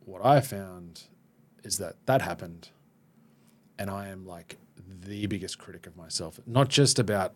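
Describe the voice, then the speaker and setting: Low husky guy hosting a podcast, open, restarts a lot. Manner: open and self-reflective, halting restarts. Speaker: podcast host. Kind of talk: candid podcast conversation.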